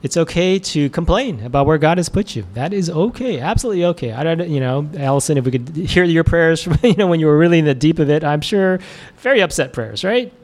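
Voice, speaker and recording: A man's voice: on the high side, animated, a little fast, hardly any pauses, a little mellow. Chatty man preaching a casual sermon. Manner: casual, chuckling, many fillers. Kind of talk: conversational sermon.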